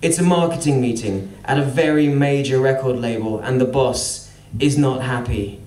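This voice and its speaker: A man's voice: medium pitch, normal speed, darkish tone. A man telling a wry, sardonic story as spoken-word storytelling at a live venue. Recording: roomy venue, mic at a distance.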